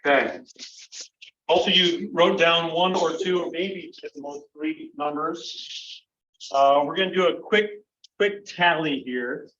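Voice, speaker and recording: A man running a live workshop exercise, counting votes aloud and moving the group along briskly. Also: fairly high pitch, sharp tone. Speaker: workshop facilitator. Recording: dull lo-fi room recording.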